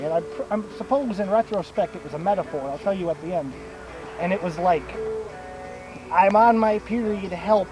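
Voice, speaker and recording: A young man with a high voice tells a crude, meandering story to his friends. He curses freely and laughs at his own jokes as loud music plays behind him. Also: poor audio. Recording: music playing loudly behind.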